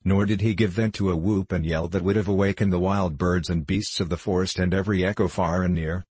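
Male audiobook narrator: measured, low and husky, dry. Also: fairly even intonation, darkish tone, no echo. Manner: measured storytelling. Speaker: audiobook reader.

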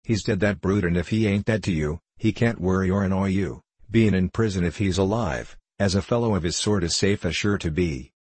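A man's voice: low-pitched, fairly quick, hardly any pauses, darkish tone, breathy edge, no room sound. A man voicing a blunt, devoted old country nurse who speaks in folksy dialect. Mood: urging. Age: over 60. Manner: folksy dialect, urgent and coaxing.

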